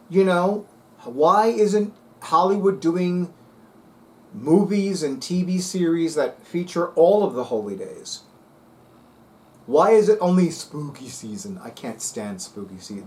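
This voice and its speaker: A sassy man hosting his own vlog, speaking with a fairly high voice. He talks in an emphatic, dramatic way and leans hard into his points. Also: a little mellow. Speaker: spiritual video host. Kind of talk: casual vlog chat.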